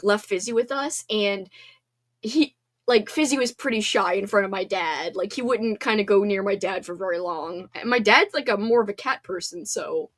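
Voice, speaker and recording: A woman in her thirties, with a medium-pitched, fairly bright voice, hosts a casual livestream and reads the chat. She's bubbly and talkative, using lots of fillers.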